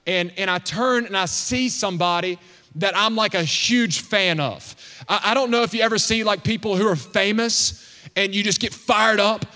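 A man in his thirties preaching in church, telling a funny story in an animated, excitable, self-mocking way. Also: sits high, moderate pace. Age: 30s. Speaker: pastor. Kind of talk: humorous storytelling sermon. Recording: long hall reverb.

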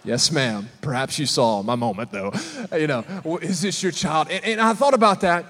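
A male pastor with a high voice delivers a lively, humorous sermon and keeps calling out to the congregation. His voice carries a long reverb from a large church hall. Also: moderate pace. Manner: animated, calls out to the congregation.

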